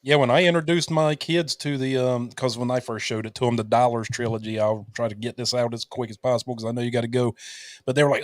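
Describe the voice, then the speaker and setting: A man's voice: medium pitch, flat delivery, quick pace, dry recording, clean studio sound. A man hosting a podcast, chatting casually with his guest and sharing his own experiences. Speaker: podcast host. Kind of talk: casual interview chat.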